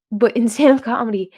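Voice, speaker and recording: A woman's voice: a little high, a little mellow, slightly rough. A young woman with a New Jersey accent, hosting a casual self-help podcast in a rambling, chatty way that often corrects itself. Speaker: podcast host.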